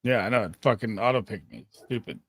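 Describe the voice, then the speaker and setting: A man's voice: on the low side, very animated, brisk, a bit bright, slightly rough, no echo, studio quality. A man co-hosting a fantasy football stream, answering in short, laid-back replies. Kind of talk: casual live-stream draft chat.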